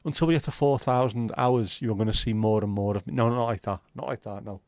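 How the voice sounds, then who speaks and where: A man's voice: medium pitch, fast, a little mellow, no room sound, clean studio sound. A man hosting a livestream, chatting casually with his viewers in banter full of swearing. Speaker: livestream host. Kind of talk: casual chat with live viewers.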